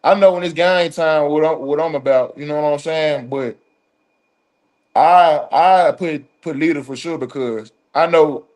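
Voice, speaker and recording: A man's voice: on the high side, measured pace. Young Southern man, laid-back athlete talk. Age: young adult. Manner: relaxed, says "you know what I'm saying" constantly. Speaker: college football linebacker guest. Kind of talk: casual interview.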